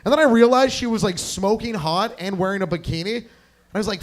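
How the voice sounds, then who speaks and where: A man's voice: sits high, fast. A young man doing a crude, rambling stand-up set, chatting with the crowd on a club stage. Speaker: stand-up comedian.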